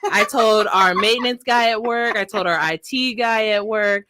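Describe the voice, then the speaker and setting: A woman, a show producer telling a story in an animated way and acting out what people said. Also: mid-range voice, moderate pace. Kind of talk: casual chat.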